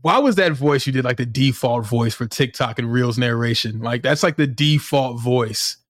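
A man's voice: medium pitch, moderate pace, dry recording, studio quality. A man co-hosting a podcast in casual chat, telling stories with lots of "like" and frequent laughter. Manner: animated storyteller, laughs often, leans on "like". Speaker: podcast co-host.

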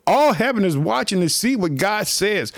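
A man with a high voice preaches an earnest sermon. He keeps coming back to the same rallying phrases and talks straight to his listeners as family. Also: big pitch swings, normal speed, creaky. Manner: repetitive, exhorting, keeps saying "let me tell you something"; speaks directly to listeners as family. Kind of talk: fervent online sermon.

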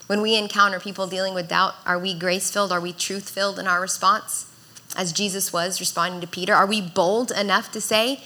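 Bright-voiced woman preaching earnestly. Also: medium pitch, steady tone, a little fast. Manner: earnest, exhorting, rises in intensity. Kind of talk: sermon.

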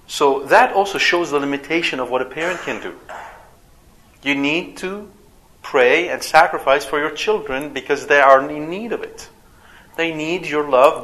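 A man preaching with a bright, slightly high voice that carries energy. He speaks animatedly, dropping into little acted-out voices, like a pastor addressing his flock. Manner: animated, acts out quoted voices. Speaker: father. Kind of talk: sermon.

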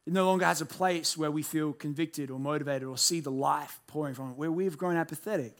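A man's voice: on the high side, brisk. A man, preaching a sermon as a pastor and telling stories with humor. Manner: animated storytelling with humor.

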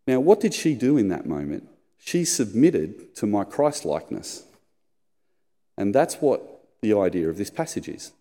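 Male pastor, middle-aged, low mellow voice, storyteller, church hall reverb. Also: sing-song, measured pace. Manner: storytelling, acts out squeaky high voices in anecdotes. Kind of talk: sermon.

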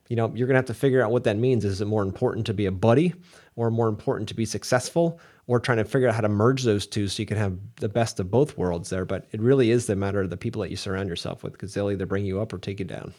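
Fast-talking low-voiced man. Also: darkish tone. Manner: fast, rambling, repeats words as he thinks aloud. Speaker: podcast co-host. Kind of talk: casual conversation.

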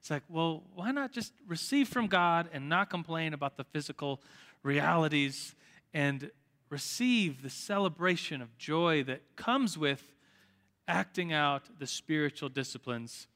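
Bright-voiced man teaching Sunday school. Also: fairly high pitch, animated, unhurried, long reverb tail. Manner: chatty, with frequent "like" fillers and restarts. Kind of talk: informal church class teaching, closing in prayer. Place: church classroom or hall.

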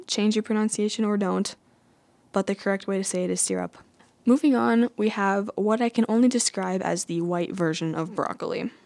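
A woman's voice: mid-range voice, a little mellow, no room sound. A woman vlogging in a chatty, playful, self-mocking way. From United States. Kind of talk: casual chat.

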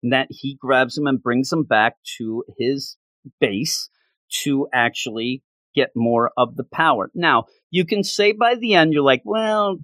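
A man in casual chat, excitedly recapping a comic book issue in a rambling way. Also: medium pitch, no echo. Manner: enthusiastic, rambling recap with frequent laughs.

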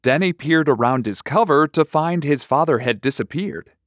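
A man narrating a short story in a slow, measured, deliberate reading. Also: medium pitch, no room sound, clean studio sound.

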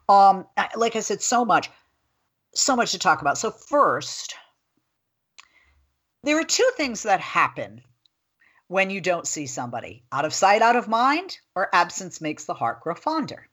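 Woman, 40s, talk radio host; chatty, animated, a touch low-pitched. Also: normal speed. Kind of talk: political talk show chat.

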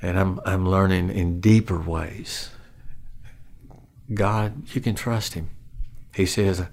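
An older man speaks in a low, deep voice at an unhurried pace. He shares a personal faith testimony in an earnest, reflective way. As he goes on, his voice turns soft and quiet. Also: steady tone. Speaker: funeral home worker.

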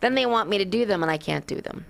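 A woman co-hosting a casual joke podcast, teasing and chiming in with quick remarks. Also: mid-range voice, lively intonation, creaky. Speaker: podcast co-host.

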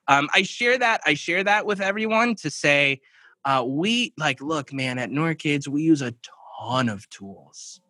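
A man's voice: mid-range voice, no echo. A man chatting as a podcast guest, telling stories with energy and acting out what people said. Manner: animated storyteller who acts out dialogue. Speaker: podcast guest, children's book publisher. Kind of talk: casual podcast conversation.

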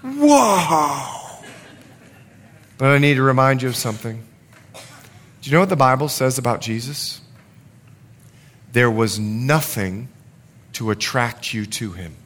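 A man preaching a sermon, animated, with jokes and asides to the congregation. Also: medium pitch, unhurried, pauses often. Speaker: pastor.

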